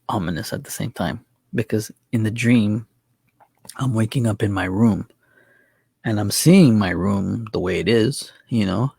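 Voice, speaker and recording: A man's voice: lowish voice, gravelly, darkish tone, slightly rough, dry recording. A man hosting a casual chat, rambling through a story with restarts and chuckles. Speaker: channel host.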